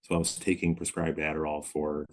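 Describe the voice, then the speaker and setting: A man in his thirties, a podcast guest, telling his story of recovery in a reflective, measured way with many pauses. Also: rumbling low, level tone. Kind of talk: candid interview storytelling.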